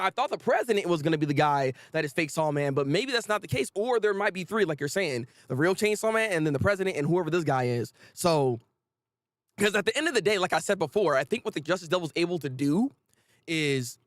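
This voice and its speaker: A man hosting a live manga reaction, excitable and quick to laugh. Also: a little high, no echo. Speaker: host.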